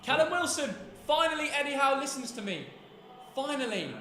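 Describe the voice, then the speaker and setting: A man hosting a live football watchalong stream, bantering and teasing with loud outbursts. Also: very high voice, animated, moderate pace. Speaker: stream host. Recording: echoey room with crowd noise. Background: football match crowd on the telly.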